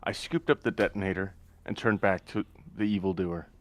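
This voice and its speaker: A man's voice: sits low, fairly even intonation, a little fast, dry recording. A man narrating fight scenes in first person as a player in a tabletop story game. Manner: dramatic action narration. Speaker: player narrating his character.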